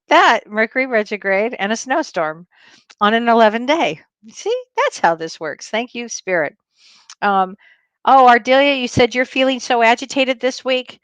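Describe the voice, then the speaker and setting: A woman's voice: a little high, very animated, normal speed, a bit bright, clean tone, dry recording. Bubbly woman hosting a livestream. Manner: bubbly, effusive, laughs often. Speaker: host and spiritual medium. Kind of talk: casual livestream chat.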